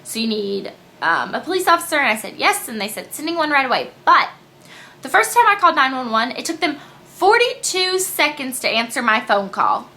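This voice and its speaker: Bright, chatty young woman vlogger. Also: sits high. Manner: chatty and animated, quick asides and quoted voices. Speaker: beauty vlogger. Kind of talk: casual storytelling vlog.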